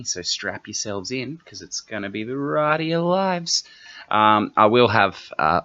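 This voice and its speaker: A young Australian man with a very deep but sharp, bright voice hosts a solo comedy podcast. He rambles and swears nonstop in a brash, offhand way, and the recording sounds slightly dull and lo-fi. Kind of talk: profane solo podcast rant.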